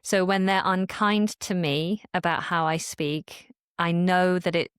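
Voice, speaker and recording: A woman's voice: fairly low pitch, unhurried, smooth, no room sound, studio quality. A woman from northern England who speaks in trained Received Pronunciation, candidly telling stories as a podcast guest. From Manchester, northern England. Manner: candid, animated storyteller. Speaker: guest, language creator. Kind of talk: conversational podcast interview.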